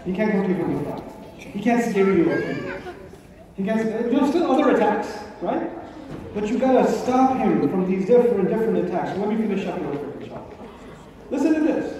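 Man, religious speaker, very high mellow voice, emphatic repeated questions, distant echoey hall recording. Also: lively intonation, normal speed, a little hiss or hum. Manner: emphatic, rhetorical questions and repetition. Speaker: Islamic speaker. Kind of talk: live religious talk to an audience. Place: large event hall.

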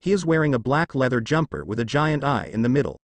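Guy reading out a fan fiction story, dramatic, pitch bounces a lot, dry close sound. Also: expressive, fast talker, no echo. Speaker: narrator.

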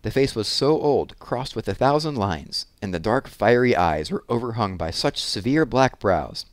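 A man narrating a children's novel in a measured, expressive storybook style. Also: lowish voice, dry recording. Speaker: audiobook narrator.

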